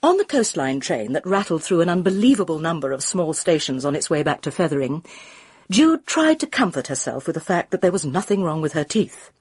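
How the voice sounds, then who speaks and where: Husky woman narrating a mystery. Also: low voice, sing-song, brisk, darkish tone, dry recording. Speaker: audiobook reader. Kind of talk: scripted narration.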